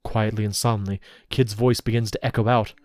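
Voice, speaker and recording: A man's voice: fairly low pitch, fairly even intonation, a little fast, darkish tone, dry recording, clean studio sound. A man hosting a let's play, reading the game's story aloud with playful, laughing asides. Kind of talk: reading game text aloud with commentary.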